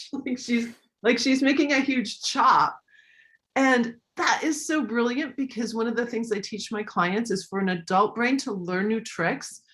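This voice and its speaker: A woman speaking as a coach in a live online session, sharing practical tips. She is animated and acts out voices to demonstrate her points. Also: medium pitch. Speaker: voice and communication coach.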